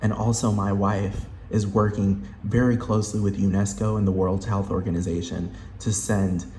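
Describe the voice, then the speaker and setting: Low-voiced man ranting profanely. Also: little pitch movement, moderate pace, mellow. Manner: emphatic, rambling, repetitive. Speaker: vlogger. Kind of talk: profane rant. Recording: roomy echo, faint hum.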